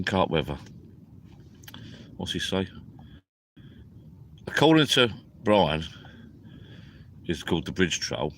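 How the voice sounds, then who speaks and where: Deep-voiced tired man. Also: very animated, takes it slowly, pauses often, a little hiss or hum. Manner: rambling, chatty, drowsy. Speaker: fishing vlogger. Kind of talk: casual live-stream chat. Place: inside a small bivvy tent at a lake at night.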